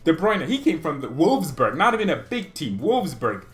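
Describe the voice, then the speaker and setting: Male fan-channel host, higher voice, very animated, sarcastic rant. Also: normal speed. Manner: exasperated, sarcastic, mocking. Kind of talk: ranting commentary to camera.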